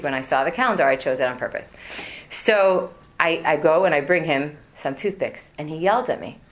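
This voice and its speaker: This women's class teacher, an American in her forties, delivers a religious lesson peppered with funny family anecdotes and plenty of asides. Her voice sits on the lower side and carries a bit of brightness.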